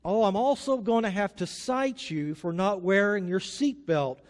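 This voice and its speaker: A man's voice: high voice, unhurried, long reverb tail. A man voicing a courteous police officer in a joke within a sermon. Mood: polite. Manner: formal, courteous. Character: polite male police officer.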